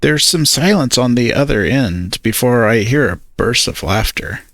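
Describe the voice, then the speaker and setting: A man's voice: medium pitch, expressive, normal speed, a bit bright, dry recording. A man narrating a first-person story, hesitant and awkward in his character's lines.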